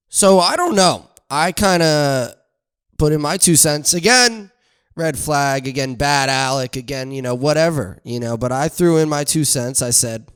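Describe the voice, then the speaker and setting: A man's voice: medium pitch, normal speed, clean tone. A man hosting a podcast, telling a casual rambling story with playful exaggeration and frequent asides. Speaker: podcast host.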